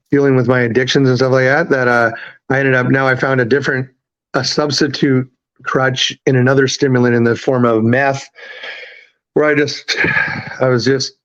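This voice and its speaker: Male podcast guest, 30s, rambling casual storyteller, muffled audio. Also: medium pitch. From Canada. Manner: rambling, halting, many fillers and restarts. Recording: slightly dull lo-fi audio.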